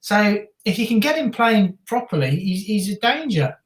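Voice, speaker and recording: A man co-hosting a live football reaction stream, mixing jokey banter with steady match analysis. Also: high-pitched, normal speed. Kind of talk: casual live match commentary and chat. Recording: roomy echo.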